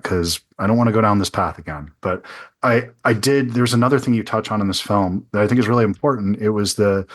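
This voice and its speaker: Earnest low-voiced male podcast host. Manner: earnest, thinking aloud with many restarts. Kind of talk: casual interview conversation.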